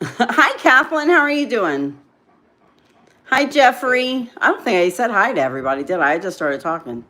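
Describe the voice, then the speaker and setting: A woman's voice: a little high, big pitch swings, moderate pace, pushed and bright. Chatty, laughing woman livestreaming. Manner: chatty, self-deprecating, laughs often. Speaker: livestream host. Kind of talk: casual livestream chat with viewers.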